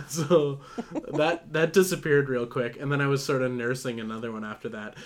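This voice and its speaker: A man's voice: medium pitch, fairly even intonation, moderate pace. Rambling, self-mocking young man. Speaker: podcast co-host. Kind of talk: casual storytelling chat.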